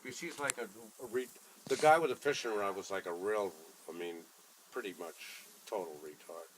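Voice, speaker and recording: A middle-aged man, a shop owner, telling a story in a candid, casual way, animated and profane. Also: fairly low pitch, normal speed, slight background noise, poor audio. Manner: animated, profane, acts out both sides of dialogue.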